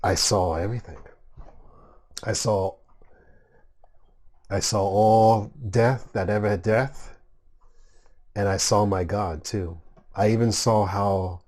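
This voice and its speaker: A man taking part as a player in a tabletop game, with a voice lower than most men's. He stammers and restarts as he works through his thoughts. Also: fairly even intonation, a little mellow. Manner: halting, stammering. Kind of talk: casual tabletop play.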